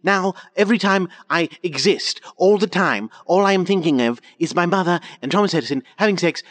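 A man with a slightly high voice riffs through an improvised comedy conversation. He stammers and restarts, sounding hesitant and put-upon. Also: a little fast, a bit bright.

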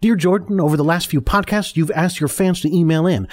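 A man's voice: high voice, a little fast, voice pushed up, natural voice. A man playing a pompous, earnest young heir who talks in long, formal sentences. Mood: reading.

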